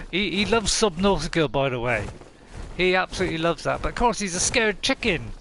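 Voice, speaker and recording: Man, gameplay commentary, giggly and excitable, high pitch, loud background noise. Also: moderate pace, creaky. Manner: excitable, laughs often, talks to himself. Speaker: game streamer.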